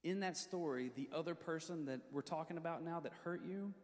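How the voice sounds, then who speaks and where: A man preaching a sermon who leads the congregation in call-and-response, tells stories from his own life, and slows down to read scripture. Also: on the high side, darkish tone. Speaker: pastor. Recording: long reverb of a church hall.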